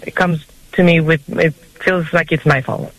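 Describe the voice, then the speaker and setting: A woman caller on a radio advice show who speaks hesitantly, in halting phrases. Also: deep voice, low-quality recording.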